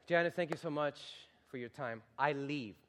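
Young male preacher, high-pitched, animated sermon delivery with hushed storytelling. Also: moderate pace. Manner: animated, shifts from loud exhortation to hushed storytelling.

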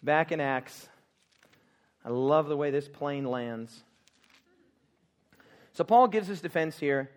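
High-voiced animated male preacher. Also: slow pace, pauses often. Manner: animated preaching with call-and-response and humor. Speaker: pastor. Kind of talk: sermon. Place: church.

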